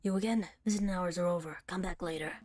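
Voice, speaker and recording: A woman voicing a grumpy male mouse jailer who talks in a gruff, dismissive way. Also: on the low side, fast talker, a little mellow, soft background music, close to an everyday voice.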